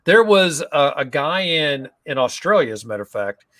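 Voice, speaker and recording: A man's voice: on the high side, sing-song, moderate pace, fairly bright tone, no room sound. A man talking as a guest in a casual online interview, upbeat and full of anecdotes. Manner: enthusiastic, storytelling.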